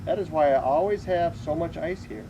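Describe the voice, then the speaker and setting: A man's voice: on the high side, moderate pace, dull audio, noisy background, close to an everyday voice. A man voicing a fretful, doubtful king while reading a children's picture book aloud. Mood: worried.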